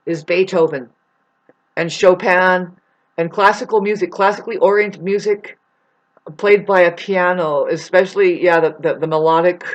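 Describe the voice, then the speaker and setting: A man's voice: high-pitched, lo-fi sound. Guy ranting to his channel, swears a ton, rambles all over. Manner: rambling, swears a lot, jumps between topics, restarts. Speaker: vlogger. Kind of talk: rambling profane vlog rant.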